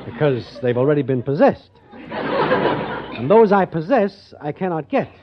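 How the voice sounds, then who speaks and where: A glib, penniless wisecracker in an old radio comedy, swooping wildly up and down as he spins mock-grand speeches. A loud studio audience roars behind him on a noisy, lo-fi old broadcast. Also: a little high, very animated, slow, a loud crowd. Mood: grandiose. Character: smooth-talking, broke young male con man. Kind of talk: 1940s radio sitcom acting. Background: loud studio audience laughter.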